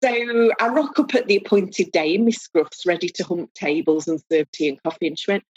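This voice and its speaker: A woman, a podcast guest, telling lively and humorous stories in a casual chat. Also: lowish voice, fairly quick, no room sound, lo-fi sound. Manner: animated, humorous, acts out voices in anecdotes. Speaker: guest foot reader. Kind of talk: casual storytelling interview.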